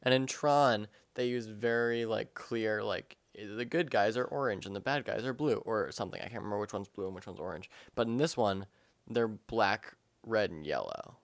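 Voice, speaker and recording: A man's voice: on the low side, moderate pace, no echo. Joking man in casual podcast chat. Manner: joking, teasing, laughs often. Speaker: podcast co-host.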